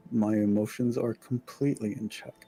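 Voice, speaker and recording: A man's voice: on the low side, steady tone, normal speed, mellow, breathy edge. A player voicing a proud young prince who is grieving and holding back his feelings, speaking in a clipped, restrained way. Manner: clipped and restrained, through gritted teeth.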